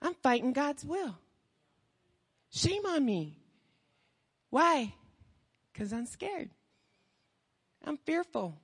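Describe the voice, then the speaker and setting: A woman preaching a sermon with passion, firing rhetorical questions and swinging from hushed tones to shouting. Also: high voice, sing-song, drawn-out words, pauses often, in a large hall.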